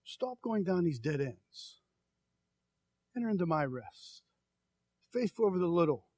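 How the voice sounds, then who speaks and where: Preaching man swinging loud to hushed. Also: high-pitched, very animated, slightly rough, dry recording. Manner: swings from soft, slow quiet passages to loud emphatic calls; folksy, tells personal stories. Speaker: pastor. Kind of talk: sermon.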